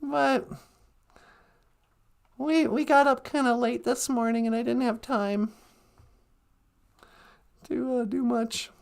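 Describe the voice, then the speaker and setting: A woman's voice: fairly high pitch, fairly even intonation, slow pace, gravelly, long pauses. A woman co-hosting a casual, playful podcast, goofing around and making beeping computer noises. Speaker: podcast co-host.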